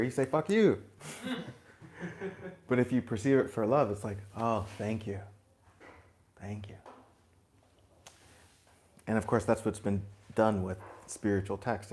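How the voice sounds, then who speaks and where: A man giving a spiritual talk to a group, gentle and reflective, chuckling now and then and dropping in blunt asides. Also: on the low side, slight background noise. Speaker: spiritual teacher.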